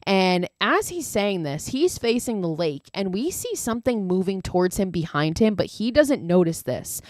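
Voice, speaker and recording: A woman's voice: medium pitch, sing-song, normal speed, darkish tone, no echo, studio quality. A woman hosting a podcast, casually recapping a film with lots of swearing and gushing asides. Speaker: podcast host.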